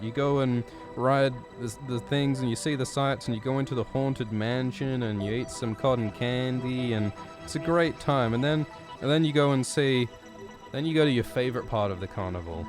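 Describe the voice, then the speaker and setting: A man hosting a podcast who improvises a rambling, absurd horoscope in a deadpan storytelling manner. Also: mid-range voice, moderate pace. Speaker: podcast host. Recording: music playing underneath. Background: music.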